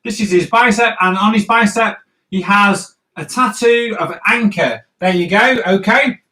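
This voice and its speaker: A man's voice: high voice, normal speed, pushed and bright, poor audio. A man hosting a live drawing stream, chatting playfully and narrating each sketch as he draws.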